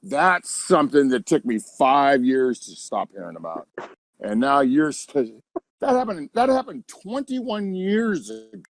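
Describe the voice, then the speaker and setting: A man's voice: on the high side, big pitch swings, unhurried, no echo. A man bantering on a comedy podcast, ranting indignantly and talking over the host.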